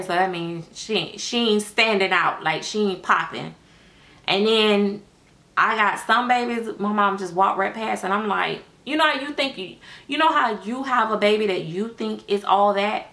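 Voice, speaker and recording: A middle-aged woman vlogging with plenty of sass, calling her viewers y'all and speaking her mind plainly. Her voice has a gravelly fry at the ends of her phrases and sits at an ordinary middle pitch. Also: fairly bright tone. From United States. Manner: chatty, sassy, talks straight to viewers as y'all. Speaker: doll-making vlogger. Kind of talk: casual chat to camera.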